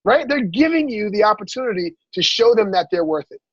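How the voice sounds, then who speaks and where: High-voiced, husky man coaching his team. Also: fairly quick, no echo. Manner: energetic, repeats "right?" often, acts out dialogue. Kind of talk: motivational training talk. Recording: dull lo-fi sound.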